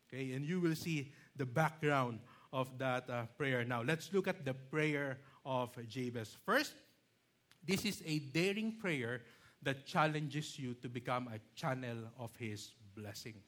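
A male pastor preaching a sermon, emphatic, stretching key words slowly and often checking in with "okay?" and "right?". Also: on the high side, a bit bright.

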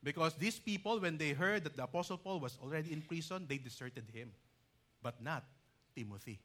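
A man's voice: fairly high pitch, a little fast, fairly bright tone. A man preaching a sermon, teacherly and emphatic, reading scripture aloud with rising force. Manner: teacherly, explains grammar with asides like "okay".

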